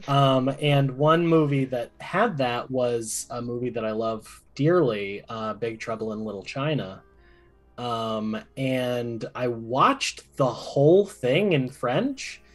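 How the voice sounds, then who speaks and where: A man's voice: medium pitch, slow, soft background music. A man on a tabletop game stream telling a rambling, amused story in a casual way, chuckling as he talks. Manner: rambling, amused anecdote, chuckles while talking.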